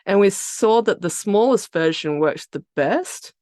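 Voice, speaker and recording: Talking a little slowly in a mid-range voice, an Australian-accented woman from Australia who founded a biotech company explains her research and career. The podcast interview is relaxed and chatty, recorded at studio quality with no echo.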